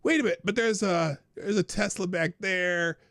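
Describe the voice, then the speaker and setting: A man's voice: high-pitched, moderate pace, a bit bright, no room sound, studio quality. A man hosting a live stream, chatting casually and rambling, with frequent laughs and restarts. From United States. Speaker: livestream show host.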